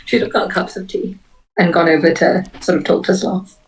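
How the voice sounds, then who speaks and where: Halting woman player. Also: fairly low pitch, steady tone, reverberant, far from the mic, low-quality recording. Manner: hesitant, halting. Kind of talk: casual chat at a tabletop game.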